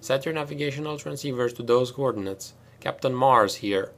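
A man's voice: mid-range voice, moderate pace, fairly bright tone, natural voice. A man voicing a stern, hard-edged female marine lieutenant in an audiobook reading, with clipped, commanding and sardonic delivery.

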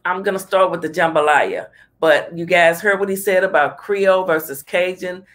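A woman's voice: lowish voice, moderate pace, a bit bright. A woman hosting a casual talk show, chatting and giving her own opinions on a cooking clip. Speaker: host. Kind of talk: casual commentary.

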